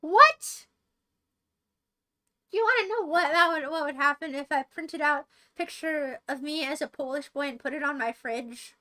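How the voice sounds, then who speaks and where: High, bright-voiced young woman teasing chat. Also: brisk, hardly any pauses. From United States. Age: young adult. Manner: playful, teasing and mock-boastful toward chat. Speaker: streamer. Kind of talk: casual stream chat.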